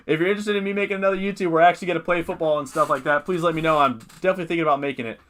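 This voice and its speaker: Man, slightly high voice, casual livestream host, thinking aloud, lots of ums. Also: racing, fairly bright tone, a little hiss or hum. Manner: thinks aloud, reads viewer comments, many fillers. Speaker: fantasy football livestream host.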